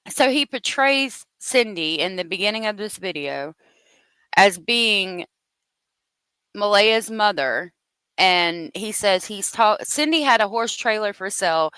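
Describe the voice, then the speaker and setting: A woman's voice: mid-range voice, pushed and bright, clean tone, no room sound. A woman hosting a casual true-crime commentary, chatty and thinking aloud as she works through the details. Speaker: host.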